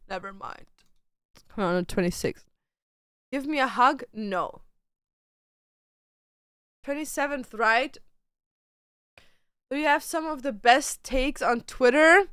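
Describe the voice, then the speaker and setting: A young woman streaming from home, chatting casually with her viewers, animated and swearing freely as she rants. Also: high voice, takes it slowly, pauses often, clear, resonant tone, dry recording, studio quality. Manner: chatty, talks to chat between bursts of singing. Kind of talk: casual livestream chat.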